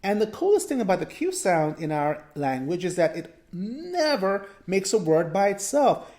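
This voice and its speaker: A woman's voice: medium pitch, warm tone. A woman teaching a children's phonics lesson, sounding out short words and repeating them in an encouraging way. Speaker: reading teacher.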